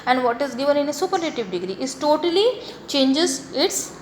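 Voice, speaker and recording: Indian woman teacher, high voice, says words slow syllable by syllable, roomy echo and faint hum. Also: big pitch swings. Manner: repeats example words slowly, syllable by syllable. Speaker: English teacher. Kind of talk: grammar lesson mixing English and Hindi.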